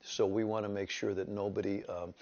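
A man's voice: on the low side, brisk, lo-fi sound. A man, a pastor telling his personal testimony in a storytelling way. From upstate New York. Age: 70s. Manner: storytelling, lively retelling with quoted voices.

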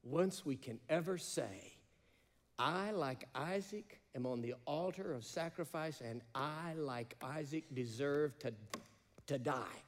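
A man preaching a sermon, passionate, shifting between emphatic raised cries and slow, hushed phrases. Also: fairly high pitch. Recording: long reverb of a large hall.

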